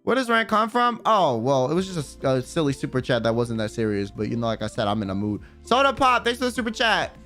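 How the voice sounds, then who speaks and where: A man's voice: mid-range voice, very animated, fast, few pauses, a bit bright, soft background music. A man streaming live, ranting bluntly and with plenty of profanity while he reads out viewer messages. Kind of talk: casual livestream rant.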